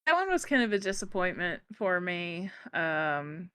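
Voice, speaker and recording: A young adult woman co-hosting a horror movie podcast in casual chat, easygoing and quick to laugh. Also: fairly low pitch, big pitch swings, bright, forceful tone, clear, resonant tone, no echo. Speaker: podcast co-host.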